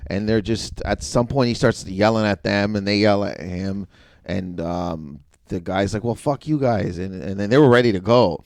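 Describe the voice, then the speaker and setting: A man telling animated stories in a casual podcast chat, laughing often and acting out what people said. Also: on the low side, moderate pace, no echo. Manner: animated storyteller, laughs often, acts out quotes. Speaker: guest comedian.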